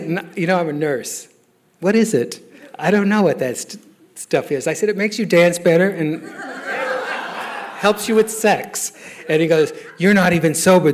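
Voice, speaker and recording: A middle-aged man gives a personal testimony in a wry, self-mocking storytelling manner. His voice sits a little high for a man, and laughter often runs through what he says. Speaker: speaker sharing recovery story.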